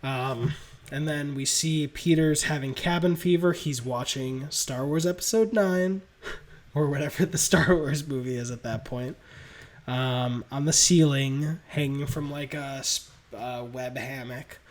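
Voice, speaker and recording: A man hosting a podcast, pitching a movie plot scene by scene in an animated, laugh-filled way. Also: a little slow. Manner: animated storytelling, laughs between beats. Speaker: podcast host. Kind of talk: casual movie pitch narration.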